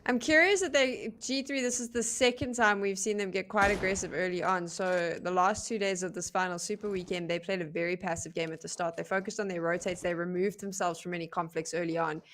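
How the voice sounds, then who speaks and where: A woman's voice: lowish voice, fairly even intonation, fairly quick, hardly any pauses, a bit bright, slight background noise. A woman casting an esports match, mixing analysis with chatty, self-deprecating banter. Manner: chatty, self-deprecating, laughs at her own slips. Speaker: esports caster. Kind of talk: play-by-play and analysis commentary.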